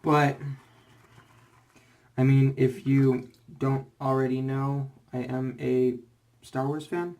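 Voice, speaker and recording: A man's voice: medium pitch, level tone, slow pace, warm tone. A young man rambling casually in a shaving vlog, full of fillers and restarts, slightly out of breath. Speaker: shaving vlogger.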